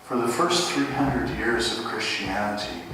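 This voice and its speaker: Pastor preaching a sermon, unhurried delivery with dry asides, male, recorded from a distance in a church with a faint hum of ambience. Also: fairly low pitch, animated. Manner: conversational, wry asides. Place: church sanctuary. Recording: echoey church hall from far off.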